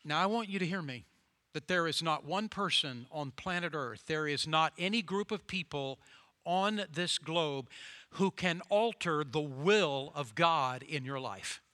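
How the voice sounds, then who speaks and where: A man's voice: fairly high pitch, lively intonation, measured pace, bright, forceful tone, no echo. A man preaching a sermon, telling a story and pressing his points with emphatic repeated phrases. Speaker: pastor.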